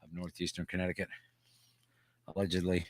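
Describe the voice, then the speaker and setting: Very low-voiced wry man. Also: little pitch movement, brisk, no echo. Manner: dry, wry humor with casual swearing. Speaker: podcast co-host. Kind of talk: casual chat.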